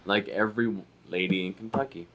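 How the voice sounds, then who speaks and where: A man co-hosting casual gaming commentary, retelling stories in an animated way and acting out the voices. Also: lowish voice, brisk. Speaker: co-host.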